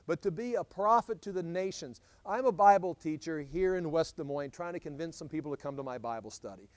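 A man leads a Bible study, his voice sitting a little high for a man and sounding close and dry. He teaches in an animated, conversational way, stumbling and restarting as he works through a verse. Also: fairly quick, no room sound. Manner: animated, acts out scripture quotes, frequent restarts.

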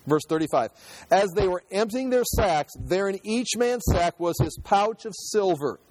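Man with a fairly high voice teaching scripture. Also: lively intonation, moderate pace, a little mellow, no room sound. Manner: conversational, reads scripture then explains it in his own words; frequent restarts and repeated words. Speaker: Bible teacher. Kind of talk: verse-by-verse Bible teaching.

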